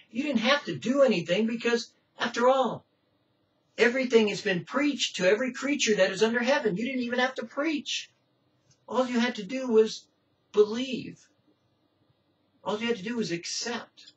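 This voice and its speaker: A man preaching a sermon with passion, swinging from loud cries to hushed pleading in a church. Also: very high voice, normal speed. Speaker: pastor. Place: church sanctuary. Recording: distant, muffled church recording.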